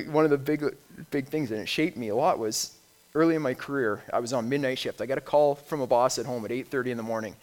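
A lay speaker and youth leader with a medium-pitched voice delivers a conversational sermon. He reads scripture slowly, then shifts into informal talk full of restarts and ums.

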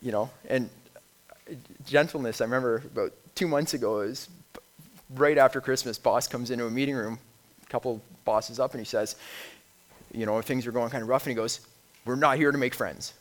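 A man's voice: medium pitch, fairly even intonation. Plain-spoken man giving a lay sermon. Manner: plain-spoken, with frequent restarts and ums; reads scripture slowly, then talks informally. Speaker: lay speaker and youth leader.

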